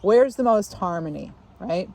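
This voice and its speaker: A woman giving a casual tarot reading, musing aloud in a relaxed way and often pausing on fillers as she takes in impressions. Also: medium pitch. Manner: musing, intuitive, many fillers and asides. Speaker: tarot reader. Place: outdoors.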